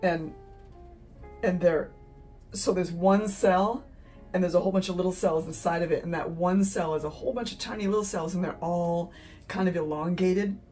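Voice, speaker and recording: A woman's voice: lowish voice, fairly even intonation, normal speed, warm tone, soft background music, poor audio. A woman hosting an art channel, talking casually to her viewers, emotional and teary, gushing and laughing often. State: teary, sniffly. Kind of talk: casual vlog talk to camera.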